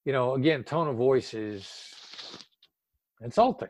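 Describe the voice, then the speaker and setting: A man's voice: medium pitch, normal speed, darkish tone, no room sound. An older man speaking as an expert guest in a casual interview, emphatic and drawing out words for stress.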